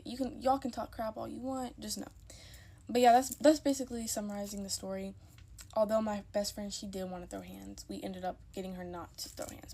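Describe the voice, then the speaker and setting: A woman's voice: medium pitch, darkish tone, slight background noise. A young woman telling a story in a casual, emphatic way, repeating herself when worked up.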